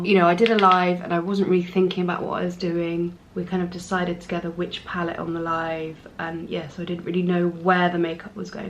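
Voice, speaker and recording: Gushing woman, soft whispers. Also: on the low side, slight background noise, rough recording. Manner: chatty and gushing, often dropping to a soft whisper. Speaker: makeup artist. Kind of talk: makeup tutorial vlog.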